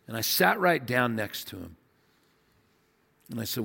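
Male pastor, middle-aged, earnest sermon, swings between loud and hushed, long hall echo. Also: medium pitch, animated, normal speed, gravelly, slightly rough.

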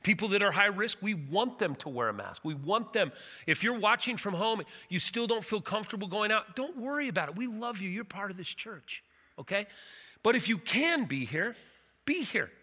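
A man's voice: high-pitched, big pitch swings, moderate pace, pushed and bright, in a large hall. A middle-aged man preaching as pastor of his church, folksy and joking, with emphatic turns. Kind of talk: sermon. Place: church sanctuary.

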